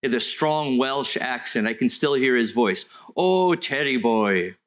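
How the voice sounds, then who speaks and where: A middle-aged man, preaching a sermon in an earnest storytelling way that slows for emphasis. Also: medium pitch, a bit bright. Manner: earnest, storytelling, with slow deliberate stretches. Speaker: pastor.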